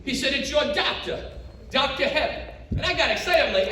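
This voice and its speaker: A man's voice: very high voice, lively intonation, moderate pace, pushed and bright. A middle-aged man doing a stand-up comedy set, animatedly telling stories and acting out the dialogue. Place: comedy show stage. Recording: echoey live room from far off, noisy. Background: audience laughter.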